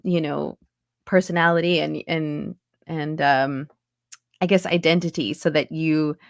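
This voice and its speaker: A woman's voice: lowish voice, dry recording, clean studio sound. A woman accent coach chatting casually in an interview over a video call, talking with lots of fillers and restarts. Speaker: accent and dialect coach, guest. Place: home in Montreal, on a video call.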